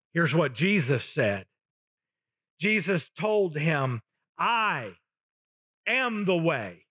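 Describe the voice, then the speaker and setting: Slow, high-voiced preaching man. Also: slightly rough, no echo, highs cut off. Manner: slow, emphatic, with long pauses between phrases. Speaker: pastor. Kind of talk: sermon.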